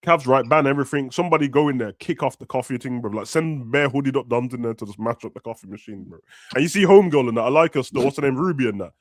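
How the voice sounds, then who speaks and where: A young man, ranting in a slangy, animated way as a football fan on a panel. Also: medium pitch, quick pace, no echo, clean studio sound. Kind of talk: casual fan debate.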